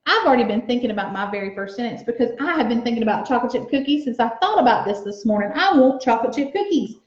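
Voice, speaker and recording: A high-voiced woman teaches young children to write, sounding out each letter slowly and cheering them on. The room around her echoes, and the sound is a little dull. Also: expressive. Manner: slow, sounds out letters and words aloud; encouraging.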